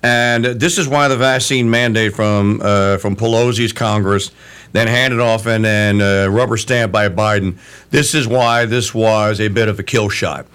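Man, talk radio host, bright forceful voice, animated, opinionated, stumbling restarts. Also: fairly low pitch, clean tone.

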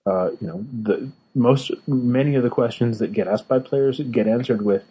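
Dark-voiced man explaining rules casually. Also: medium pitch, moderate pace, slightly rough, poor audio. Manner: explanatory, many fillers and restarts. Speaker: podcast co-host, card game judge. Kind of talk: casual podcast chat. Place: Northern California.

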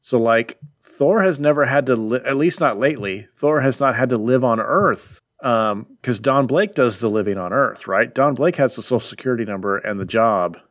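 A man's voice: medium pitch, normal speed, few pauses, a bit bright. A musing man in casual chat. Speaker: podcast co-host.

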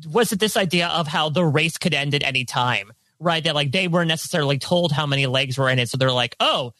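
A man on a podcast panel, talking through ideas in a quick, rambling analytical way. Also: on the high side, pushed and bright, no room sound. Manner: quick analytical rambling, quotes hypothetical thoughts. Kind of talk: casual podcast discussion.

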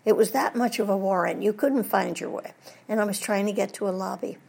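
An older American woman being interviewed, telling lively stories from her long career and laughing often as she talks. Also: mid-range voice, brisk, gravelly, slightly rough. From United States. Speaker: guest, veteran voice actress. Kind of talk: casual interview storytelling.

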